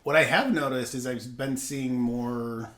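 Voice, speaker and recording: A man with a mid-pitched voice co-hosts a podcast in casual chat. He tells relaxed stories at an easy pace, dropping an "um" or a "like" here and there. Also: a little slow. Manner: relaxed storytelling with fillers. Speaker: podcast co-host.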